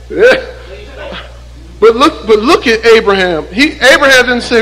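A male preacher giving a sermon and reading scripture slowly and deliberately, with folksy joking asides to the congregation. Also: extremely high pitch, lively intonation, pushed and bright, big-room sound, rough recording. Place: church.

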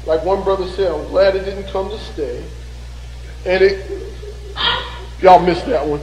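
A man with a strikingly high voice preaches a sermon, reading scripture slowly and deliberately. He breaks off into folksy, joking asides to his congregation. His voice rings out through a long, echoing church hall. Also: darkish tone, a little hiss or hum.

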